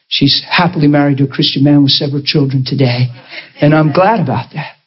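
Male preacher, high voice, husky, passionate storytelling sermon, dull lo-fi live recording. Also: fairly quick. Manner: animated, storytelling, swinging between high exclaims and low intimate tones.

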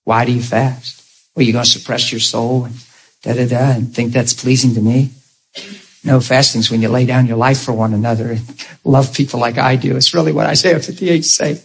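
Husky, chatty male preacher. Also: mid-range voice, brisk. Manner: chatty, animated, laughs often. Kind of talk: casual sermon with acted-out stories.

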